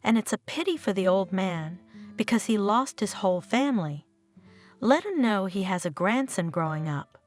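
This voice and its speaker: A woman's voice: mid-range voice, animated, normal speed, darkish tone, faint music behind, natural voice. A woman voicing a worried young father who speaks in an earnest, pleading way in a told story.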